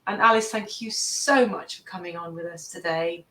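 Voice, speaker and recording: A woman's voice: on the low side, moderate pace, heavy background noise. Effusive woman host, roomy distant sound. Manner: effusive, gushing. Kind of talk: live-stream chat. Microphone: video call. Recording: roomy, distant video-call audio.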